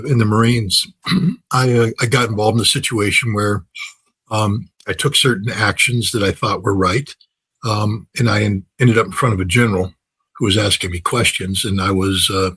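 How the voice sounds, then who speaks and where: Husky-voiced man giving emphatic political commentary. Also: fairly low pitch, fairly even intonation, moderate pace, fairly bright tone. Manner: emphatic, repeats phrases for effect, frequent filler words; folksy, uses everyday examples and laughs at his own points. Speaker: political commentator, interview guest.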